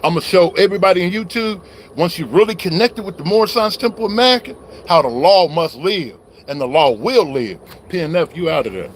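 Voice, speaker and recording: An online religious commentator, a man with a high-pitched voice and lively intonation, speaks fairly quickly over slight background noise. He's delivering a heated, preachy call-out online, riled up, confrontational and wired on coffee.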